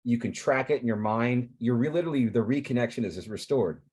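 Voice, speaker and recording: A man's voice: medium pitch, animated, quick pace, a little mellow, husky. A man on a video call explaining a therapy in an earnest, rambling way, with frequent restarts.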